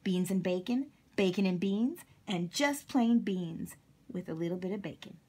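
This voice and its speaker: A woman's voice: lowish voice, lively intonation, moderate pace, dark tone, husky. A woman voicing a blunt, folksy cowboy man with a drawl in a storybook read-aloud. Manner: drawling, plain-spoken, says ain't and dang.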